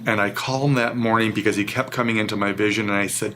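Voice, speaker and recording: A man's voice: fairly low pitch, fairly even intonation, fast talker, few pauses, bright, forceful tone, slight background noise. A man as an interview guest, telling a personal story in an earnest, emotional way. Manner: earnest, emotional, vivid retelling.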